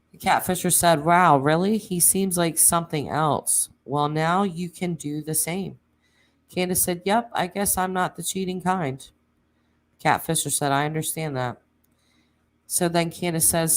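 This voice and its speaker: A woman hosting a true crime channel, reading text messages aloud in a plain way, with pauses and casual asides. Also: low voice.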